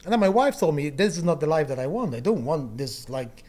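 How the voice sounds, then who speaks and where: A middle-aged man telling stories in a casual podcast chat, animated, laughing often and swearing freely. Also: fairly high pitch, quick pace. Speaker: guest.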